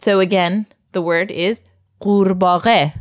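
A woman's voice: mid-range voice, fairly even intonation, normal speed. A woman teaching a recorded language lesson, patiently drilling words and laughing often.

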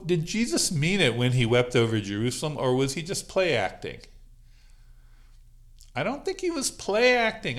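A man leading a Bible study, talking it through informally with frequent fillers and light laughs. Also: on the high side. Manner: conversational, many fillers and laughs. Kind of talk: informal teaching on a call.

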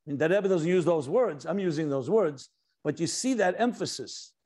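Male rabbi, high voice, lecture delivery, emphatic on key terms, reads texts aloud. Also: lively intonation, normal speed, darkish tone. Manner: explanatory, stressing key words, mixing in Hebrew and Yiddish terms; reads quoted passages aloud. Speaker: rabbi teaching a class. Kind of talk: Torah lecture.

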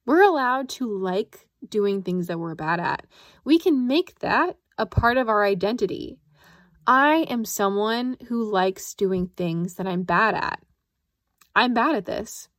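A woman podcast host and coach telling a personal story in a chatty, animated way, quoting her own thoughts. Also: medium pitch, no room sound, studio quality. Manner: chatty, animated, lots of fillers and self-quoting.

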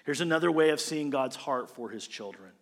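A male pastor preaching a sermon, animated, swinging between loud emphasis and quiet, earnest passages. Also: mid-range voice, fairly quick, big-room sound.

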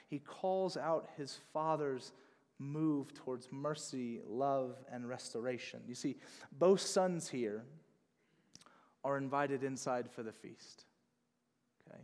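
A man preaching a sermon as pastor, emphatic, swinging between hushed and loud delivery. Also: mid-range voice, big-room sound.

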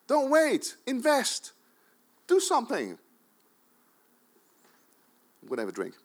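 A man preaching a sermon to his congregation in a church, urging them on with sudden emphatic bursts. His fairly high voice drops to quiet, personal asides in between. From Netherlands. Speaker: pastor.

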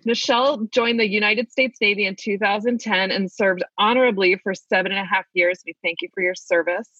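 A woman's voice: medium pitch, fairly even intonation, a little fast, fairly bright tone, no echo, lo-fi sound. A woman with a Baltimore accent co-hosting a podcast, chatty and upbeat as she introduces a guest. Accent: Baltimore, Maryland. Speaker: podcast co-host. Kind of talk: casual podcast chat.

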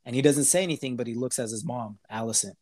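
A man on a podcast, casually retelling a TV episode in a rambling way, with lots of fillers and quick acted-out quotes. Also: medium pitch, a little mellow. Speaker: podcast host. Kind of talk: casual chat recapping a TV episode.

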